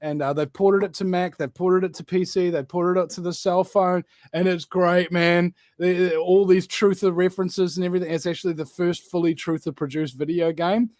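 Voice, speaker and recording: A man's voice: high voice, fairly even intonation, moderate pace, few pauses, a little mellow, no echo, clean studio sound. A man co-hosting a casual talk show, rambling and joking as he talks. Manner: jokey, rambling, laughs at own jokes. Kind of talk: casual chat.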